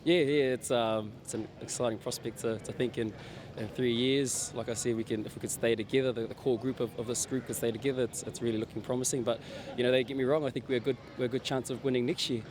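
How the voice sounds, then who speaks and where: Flat-voiced New team captain. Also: male voice, medium pitch. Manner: earnest, halting, many fillers. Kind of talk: post-match interview. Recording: outdoors with crowd noise.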